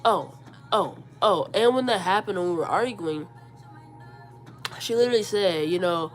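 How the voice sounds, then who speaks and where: A woman's voice: medium pitch, moderate pace, soft background music. A woman in her forties, sick and stuffed up, animatedly retelling an argument and quoting both sides. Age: 40s. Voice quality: congested. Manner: animated retelling, quotes herself and her mother, repeats words. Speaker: vlogger. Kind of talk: storytime vlog.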